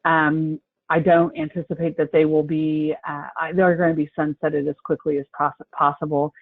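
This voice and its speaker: High-voiced man on a tinny line. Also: level tone, no room sound. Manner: measured, deliberate explaining. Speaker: healthcare coding consultant. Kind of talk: webinar discussion. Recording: tinny phone-line audio.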